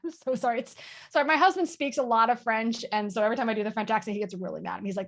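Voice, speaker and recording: A woman's voice: a little high, very fast, gravelly. A woman guest speaking frankly and casually about sales, swearing now and then. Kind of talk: casual panel chat.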